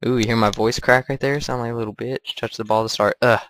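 A man's voice: mid-range voice, fairly even intonation, fast, fairly bright tone. A man giving crude, profane let's play commentary while gaming. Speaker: gamer.

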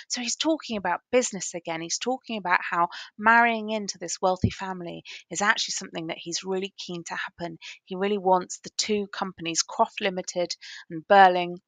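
A woman's voice: fairly low pitch, fairly even intonation, fairly quick, a bit bright, no room sound. Chatty woman explaining a play. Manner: conversational, with frequent ums and rhetorical questions. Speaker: literature teacher.

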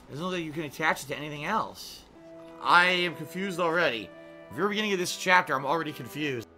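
Male streamer, high lively voice, very bright and sharp, yells and curses at the game, music behind. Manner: loud, swearing, yelps and shouts, sing-song asides. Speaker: gaming streamer. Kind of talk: frustrated game commentary.

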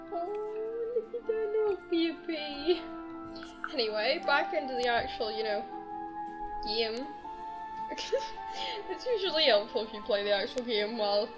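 Young woman, gaming commentator, high and slow, gushing baby talk, muffled audio over game music. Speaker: gaming YouTuber. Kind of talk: casual gameplay commentary.

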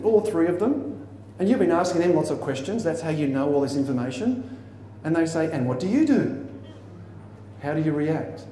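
A man's voice: fairly high pitch, distant mic, slight background noise. Theatrical man speaking in echoey hall. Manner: theatrical, animated storytelling with mock quotes. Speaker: motivational speaker. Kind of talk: motivational talk to teachers.

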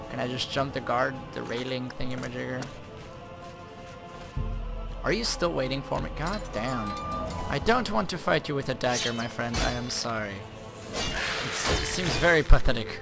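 Excitable dude cursing through a game, gravelly voice, loud music in the back. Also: male voice, medium pitch. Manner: excitable, swears, bursts of surprised yelps. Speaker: let's play gamer. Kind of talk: casual gameplay commentary.

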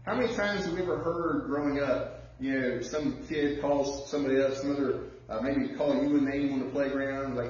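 A man's voice: fairly high pitch, darkish tone, slight background noise. Man preaching in a distant echoey church. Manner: conversational preaching with personal stories, drawling slow emphasis. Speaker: pastor. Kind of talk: sermon. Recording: echoey church heard from far off, dull sound.

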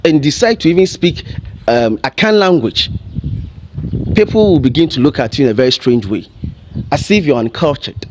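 A Ghanaian man speaking as a TV commentator, his fairly high voice swinging up and down as he presses one rhetorical question after another. He delivers impassioned commentary, openly emotional. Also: animated, moderate pace, long pauses, noisy background.

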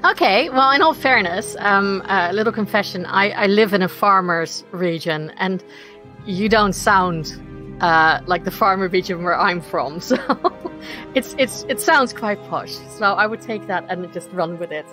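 A woman's voice: mid-range voice, unhurried, pushed and bright, soft background music. A woman who is not a native English speaker, hosting a podcast in a casual, chatty way and laughing often. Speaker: podcast host.

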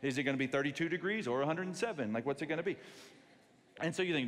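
A man preaching a sermon, telling stories in a lively way and acting out the voices of the people in them. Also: mid-range voice, fast talker. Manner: animated storytelling, acts out quoted voices. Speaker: pastor. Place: large church sanctuary. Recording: long reverb of a large church hall.

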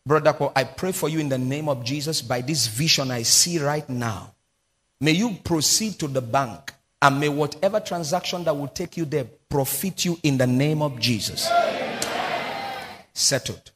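A pastor with a Nigerian English accent preaching a sermon, drilling key phrases through call-and-response with the congregation and breaking into prophetic prayer. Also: male voice, fairly high pitch, normal speed, a bit bright. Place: large church hall. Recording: long hall reverb.

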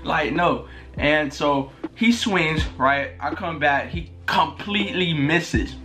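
Hyped young vlogger, slangy and profane. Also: male voice, takes it slowly. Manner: slangy, profane, hyped storytelling that jumps into high laughing squeals. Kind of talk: excited storytime vlog. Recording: music playing clearly behind. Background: music.

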